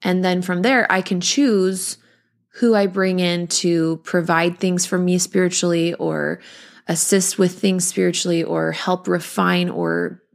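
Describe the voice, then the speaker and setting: A woman's voice: fairly low pitch, measured pace, creaky. A woman in her thirties hosting a podcast, sharing personal struggles in a candid, rambling way. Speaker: podcast host.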